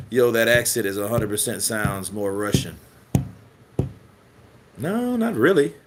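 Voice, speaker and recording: A man's voice: fairly low pitch, very animated, a little slow, long pauses, fairly bright tone, husky. A man hosting a live boxing news stream, joking and swearing casually while answering viewer comments. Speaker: host of a boxing news channel.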